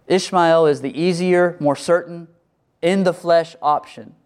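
A middle-aged male pastor preaching a sermon, animated, acting out the voices of biblical figures and church members. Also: fairly high pitch, unhurried, smooth.

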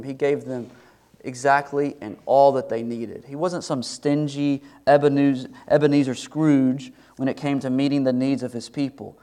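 A man's voice: medium pitch, fairly even intonation, moderate pace, dark tone. A man preaching a sermon as pastor, earnest and conversational, asking the congregation rhetorical questions.

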